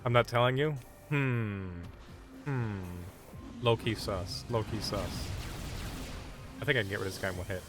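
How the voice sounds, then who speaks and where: A man's voice: lowish voice, moderate pace, long pauses, over music. A man streaming a game live, chatting casually and bluntly brushing off requests from chat. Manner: blunt, dismissive banter with chat.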